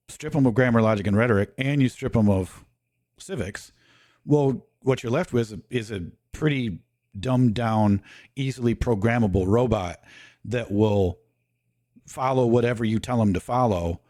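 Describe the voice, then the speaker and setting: A man's voice: medium pitch, darkish tone, dry recording, clean studio sound. A man in casual talk, lecturing and walking through his points one by one.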